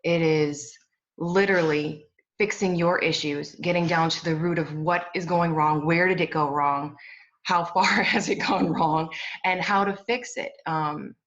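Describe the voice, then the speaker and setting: Woman client, blunt and direct, very low voice, dull lo-fi call audio. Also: steady tone, a little slow. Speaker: client giving testimonial. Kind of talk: candid testimonial.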